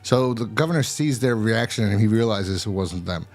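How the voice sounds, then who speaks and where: Low-voiced man rambling through a recap. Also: animated, moderate pace, darkish tone, faint music behind. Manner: rambling recap with frequent restarts. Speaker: show host reviewing TV episodes. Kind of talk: casual episode review and recap.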